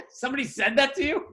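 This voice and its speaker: A man telling profane, animated comedic stories in casual podcast chat. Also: very high-pitched. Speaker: podcast co-host.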